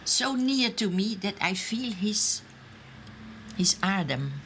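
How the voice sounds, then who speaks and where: Slow, halting older woman. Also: mid-range voice, lively intonation, a bit bright, a little hiss or hum. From Austria. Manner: halting, searching for English words. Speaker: eyewitness interviewee. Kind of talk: documentary interview recollection.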